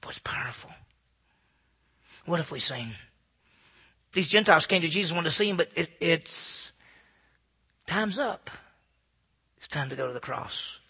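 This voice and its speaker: Impassioned high-voiced preacher. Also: male voice, lively intonation, a little slow, creaky, long pauses, husky. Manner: impassioned, swinging from loud calls to hushed near-whispers. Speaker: pastor. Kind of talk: sermon.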